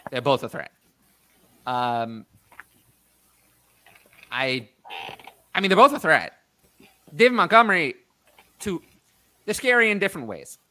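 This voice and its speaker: A man hosting a casual sports talk show, opinionated and thinking out loud with frequent restarts. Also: fairly high pitch, sing-song, unhurried, pauses often. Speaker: podcast host. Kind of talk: casual fantasy football chat.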